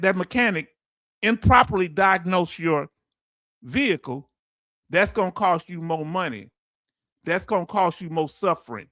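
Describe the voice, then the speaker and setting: A middle-aged man with a Houston accent, hosting a casual live stream, reading viewer comments aloud in a folksy, animated way and laughing often. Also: high-pitched, no room sound, clean studio sound. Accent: Houston, Texas.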